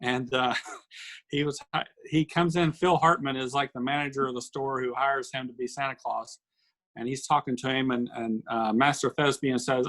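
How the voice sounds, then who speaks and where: A man co-hosting a casual podcast, telling comedy sketches with lively bursts of acted voices. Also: mid-range voice, normal speed, poor audio. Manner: animated storyteller acting out sketch lines. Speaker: podcast co-host. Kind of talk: casual chat.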